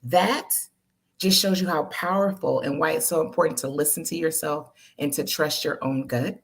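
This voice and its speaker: A woman's voice: deep voice, fairly even intonation, normal speed, slightly rough. A woman guest on a live-streamed interview, talking candidly and with animation, laughing easily. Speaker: guest, entertainer and producer. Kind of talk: casual interview talk.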